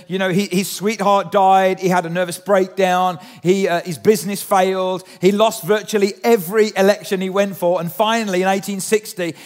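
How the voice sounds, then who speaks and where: A man preaching a sermon in a church, chatty, often asking the congregation questions. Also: high voice. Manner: conversational, asks the congregation questions. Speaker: pastor. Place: church hall. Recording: long hall reverb.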